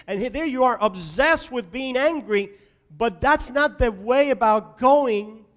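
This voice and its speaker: High-voiced preaching pastor, man. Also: a little slow. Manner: emphatic preaching with sharp swings between loud and soft. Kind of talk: sermon. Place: church sanctuary.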